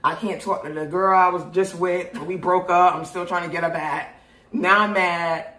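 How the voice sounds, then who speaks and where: Animated, cussing young New woman. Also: lowish voice, moderate pace. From New York. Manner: animated, profane, laughs often. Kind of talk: casual storytelling. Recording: roomy echo.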